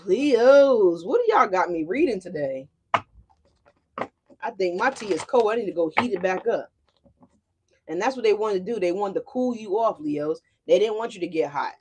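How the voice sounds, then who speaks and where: A young adult woman doing a casual tarot reading, animated and profane, speaking straight to her viewers. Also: medium pitch, slight background noise. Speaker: tarot reader.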